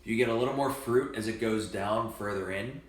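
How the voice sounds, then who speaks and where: A man's voice: on the low side, moderate pace. A man co-hosting a casual whiskey tasting, describing flavors with lots of filler words. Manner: descriptive, uses many fillers like "like". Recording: echoey room.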